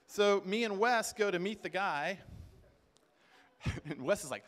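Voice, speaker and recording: Animated male conference storyteller. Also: high-pitched, a little slow, pauses often. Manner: animated, acts out quoted voices, humorous asides. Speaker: conference speaker. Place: conference stage before a live audience.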